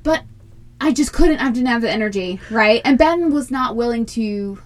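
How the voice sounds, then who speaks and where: A middle-aged woman with a slightly higher voice co-hosts a casual podcast chat. She tells a family story in a lively way and acts out the lines of the people in it. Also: normal speed. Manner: animated storytelling that acts out quoted family members. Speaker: podcast co-host and mother.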